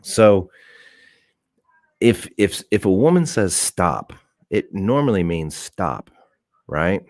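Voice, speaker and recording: A man's voice: low voice, very animated, takes it slowly, a little mellow, no room sound, studio quality. A young man hosting a live show, telling a profane dating story with acted-out quotes. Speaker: host. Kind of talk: casual storytelling to a live audience.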